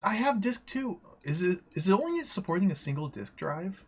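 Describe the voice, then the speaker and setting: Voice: mid-range voice, very animated, normal speed, a little mellow, breathy edge. A streamer giving casual let's-play commentary, reading the on-screen game text aloud with wry asides and frequent chuckles. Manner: chuckles often.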